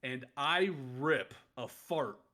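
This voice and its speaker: A man's voice: mid-range voice, expressive, takes it slowly, pushed and bright. A man in his late thirties, a former wrestler co-hosting a podcast, tells stories in a rambling way and keeps laughing through them. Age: late 30s. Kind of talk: casual storytelling chat.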